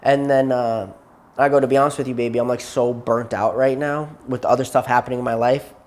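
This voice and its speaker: A man's voice: mid-range voice, steady tone, fairly quick, a little mellow. A man telling a long story to his therapist, rambling and repeating himself, tired and burnt out. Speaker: client in therapy session.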